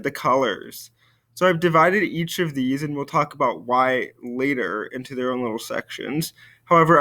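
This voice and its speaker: Man teaching French, slow and clear. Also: on the high side, bright, forceful tone. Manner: slow, careful model pronunciation for students to repeat. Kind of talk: recorded video lesson.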